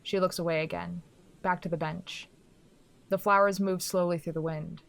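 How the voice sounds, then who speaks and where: A woman reads scripted horror narration. Her voice sits a little low, and she speaks in a quiet, measured storytelling manner. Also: fairly even intonation, creaky, big-room sound.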